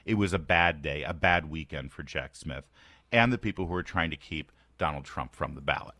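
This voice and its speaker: A man's voice: very deep voice, normal speed, sharp tone, no echo, studio quality. An American man hosting a morning talk radio show, sardonic and fond of reading quotes aloud with mock emphasis. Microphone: studio microphone.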